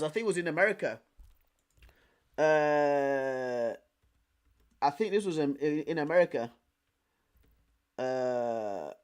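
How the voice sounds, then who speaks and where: A young man, chatting casually as a streamer reacting to his chat, full of slang and repeating himself. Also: fairly high pitch. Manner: slangy, excitable, repeats himself with bro and fam.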